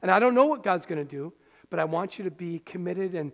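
A man pastor preaching a sermon in a conversational, animated way, with quick asides to the congregation. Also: sits high, vocal fry. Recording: long hall reverb.

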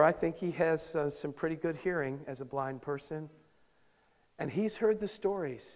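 A man preaching a sermon as pastor, moving between loud emphasis and hushed, intimate asides. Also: a little high. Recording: long hall reverb.

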